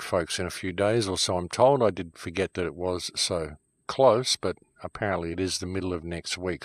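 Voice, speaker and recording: A man's voice: sits low, no echo. A middle-aged man hosting his own show, giving a heated, emphatic monologue from a backyard shed studio in the countryside. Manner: heated and emphatic, then calmer and wry. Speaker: host. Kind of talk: ranting monologue to camera.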